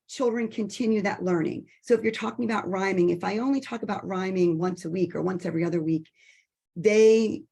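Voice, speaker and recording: A woman's voice: mid-range voice, creaky, a little mellow, slightly rough. Woman educator, patient and explanatory, video call audio, sings short examples. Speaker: early literacy educator. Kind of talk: instructional talk over video call.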